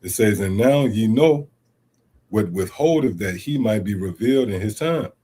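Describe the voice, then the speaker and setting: A middle-aged man reads Bible verses and explains them with emphatic rhetorical questions. His voice is husky and lowish, with a mellow, dark tone. His asides are casual and conversational. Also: lively intonation, normal speed. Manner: casual street-inflected speech with "man" and "see?". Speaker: Bible teacher. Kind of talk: scripture teaching streamed online.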